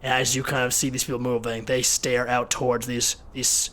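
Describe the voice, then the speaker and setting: A man's voice: medium pitch, little pitch movement, moderate pace, noisy background. Rambling man narrating a tabletop game. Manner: rambling, repeats words while thinking. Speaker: game master.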